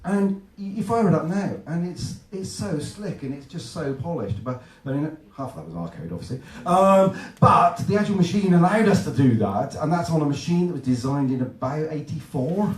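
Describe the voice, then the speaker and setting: A man's voice: on the high side, very animated, normal speed, hardly any pauses. A man speaking on a live panel as a game developer who also leads it, upbeat and chatty, with hesitant fillers as he recalls details. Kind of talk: live panel talk to an audience. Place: event hall at a game arcade. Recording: echoey hall, voice from far off.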